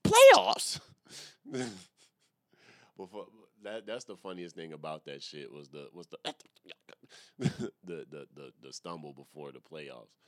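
A man who is a stand-up comedian hosts a solo comedy podcast, rambling through a casual rant full of profanity and slang and laughing at his own jokes. He has a bass voice at normal speed, recorded with studio quality and no echo.

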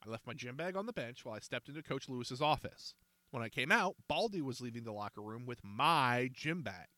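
A man voicing an indignant, quick-tempered teenage boy runner who accuses and yells, in a storybook reading. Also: medium pitch, lively intonation, no room sound. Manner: accusing, yelling.

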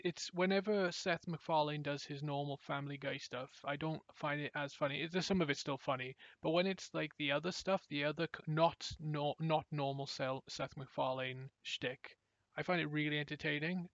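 A man's voice: fairly high pitch, a bit bright, no echo, highs cut off. A man hosting a podcast in casual chat, rambling and giggling as he trails off and restarts his thoughts. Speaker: podcast host.

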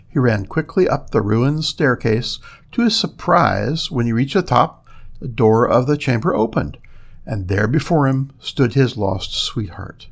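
A man narrating a fairy tale in a measured, steady reading. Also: mid-range voice, vocal fry. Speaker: storyteller.

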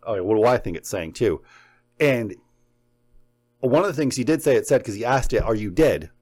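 A man co-hosting a casual chat, telling a story in an animated, excitable way and swearing now and then. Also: medium pitch. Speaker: podcast co-host. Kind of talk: casual chat about paranormal recordings.

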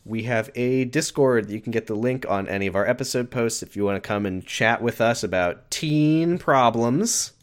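A man's voice: mid-range voice, moderate pace, hardly any pauses. A man co-hosting a podcast, running through plugs and thanks in a casual, rambling chat. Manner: rambling, laughs between plugs. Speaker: podcast co-host.

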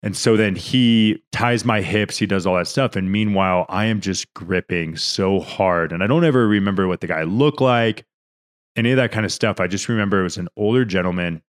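Low-voiced man telling a story earnestly. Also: fairly quick. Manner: earnest, rambling storytelling with many restarts. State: emotional, near tears. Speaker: podcast co-host. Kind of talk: casual podcast conversation.

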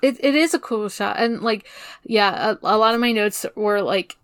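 A woman casually chatting about an anime, full of "like" and swearing, with loud excited outbursts. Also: medium pitch, moderate pace, no room sound. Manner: filler-heavy, swears, bursts into loud excitement. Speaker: podcast co-host. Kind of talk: casual anime recap chat.

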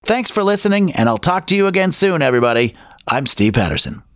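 A man's voice: on the high side, quick pace, no echo, clean studio sound. A man, hosting a podcast and reading the closing credits and plugs. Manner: lively, reads credits and plugs. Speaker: podcast host.

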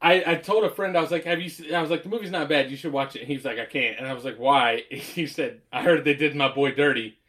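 A man's voice: on the high side, quick pace, few pauses. Laughing profane man reviewing a movie. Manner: profane, laughing, acts out quotes in loud voices. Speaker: podcast co-host. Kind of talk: casual movie review chat.

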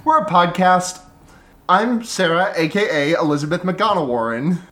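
Rambling, higher-voiced male podcast co-host. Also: normal speed, pushed and bright, soft background music. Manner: rambling, restarts sentences, laughs easily. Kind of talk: casual comedic podcast chat.

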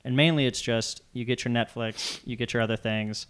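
A young man chatting casually, retelling a story with animated, loud acted-out quotes. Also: medium pitch, fairly quick, clear, resonant tone. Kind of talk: casual chat.

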